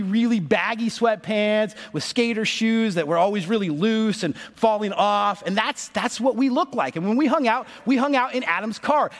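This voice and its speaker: A man in his thirties, a pastor telling a story in a sermon, animated and acting out the voices of the people in it. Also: high voice. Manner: animated, acts out voices in stories. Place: church sanctuary. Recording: long reverb of a large hall.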